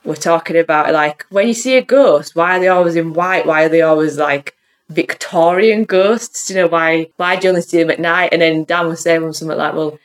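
Woman, lowish voice, lively storyteller who plays out each voice. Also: brisk. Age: adult with a child. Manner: animated storyteller, acts out voices, laughs often. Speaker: podcast co-host. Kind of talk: casual chat, telling a ghost story.

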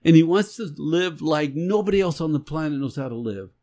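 A man's voice: a little high, lively intonation, brisk, mellow. A man co-hosting a faith podcast, talking earnestly and emphatically in a casual conversation. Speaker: podcast co-host.

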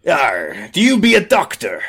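A man's voice: mid-range voice, huge pitch swings, a little slow, a bit bright, husky, exaggerated voice. A man voicing a boisterous peg-legged female pirate diplomat who growls pirate talk. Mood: blunt.

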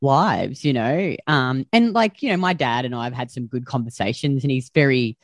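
A woman's voice: rumbling low, animated, moderate pace, no echo, clean studio sound. A woman podcast host talking candidly and openly, full of fillers and casual swearing. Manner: chatty, swears freely, many "like" fillers. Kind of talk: candid conversational chat.

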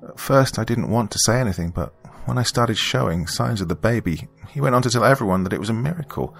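A man voicing a tearful young woman who speaks softly, grieving and resentful, in an audiobook. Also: fairly low pitch, animated, fast, gravelly, faint music behind, pitched above the performer's own voice, heavily acted. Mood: explaining. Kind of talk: audiobook character voice.

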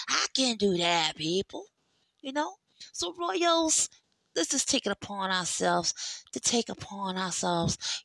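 Chatty black-lady doing a solo podcast, slow and bright, dry close sound. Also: mid-range voice, vocal fry, no room sound, rough recording. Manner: chatty, laughs often, playful self-mocking. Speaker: podcast host. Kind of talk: casual monologue.

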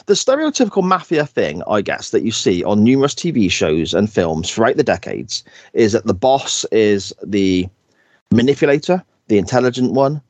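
A man's voice: on the low side, a little mellow, no room sound. A man, co-hosting a podcast and recapping an episode in a chatty, storytelling way. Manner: chatty storyteller, laughs often. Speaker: podcast co-host. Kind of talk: casual episode recap chat.

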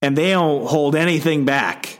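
A man co-hosting a podcast, casually recapping a comic book story in an animated way. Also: on the high side, a little slow. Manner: animated storytelling with acted-out voices. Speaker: podcast co-host.

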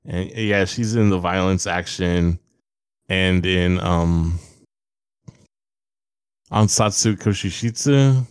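A man with a lowish, smooth voice talks through a film in a loose, rambling way, stacking filler words and swearing casually. The sound is dry and close, with no room around it. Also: slow pace, long pauses, no echo. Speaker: podcast co-host reviewing a movie. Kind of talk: casual chat.

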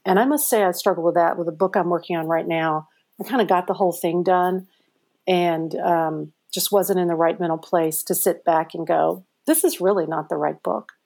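A middle-aged woman, an author being interviewed, telling her story in a chatty, animated way with many fillers. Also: fairly low pitch, normal speed, vocal fry. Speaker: author guest. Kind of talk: conversational interview answers.

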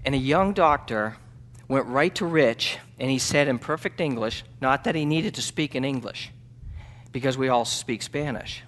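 A man, a missionary, telling a story in a church sermon, halting with ums and restarts, then building to loud fervent preaching. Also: medium pitch. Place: church sanctuary.

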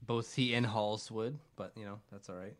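A man's voice: on the low side, fairly even intonation, moderate pace. A young man co-hosting a casual sports podcast, talking in a loose, rambling, jokey way. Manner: rambling, jokey, does silly voices. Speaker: podcast co-host.

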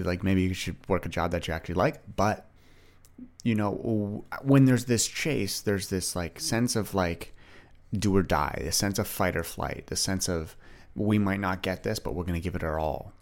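A young man hosts a solo podcast in a low voice at normal speed. He talks casually and rambles, chatty and prone to frequent restarts and lots of "like."

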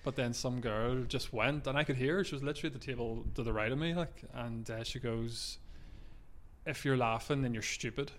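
A man, a stand-up comedian telling rambling gig stories in casual podcast chat. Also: mid-range voice. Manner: rapid, rambling anecdotes.

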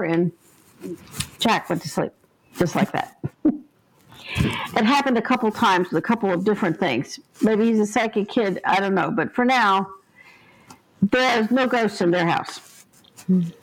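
The poor audio carries a fairly high-pitched female voice. An older woman who works as a ghost helper, she is a guest on an interview podcast, recounting stories earnestly and vividly while imitating the voices in them.

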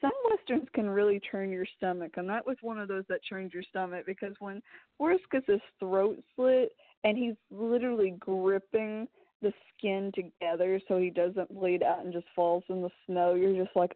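A woman chatting casually about a film, retelling scenes in an animated, rambling way with lots of filler words. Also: medium pitch, moderate pace, no room sound. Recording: tinny phone-like sound.

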